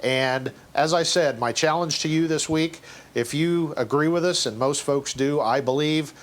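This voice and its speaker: A man from the American South hosting a podcast in casual chat, halting and self-deprecating with frequent restarts. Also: a little high. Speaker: podcast host.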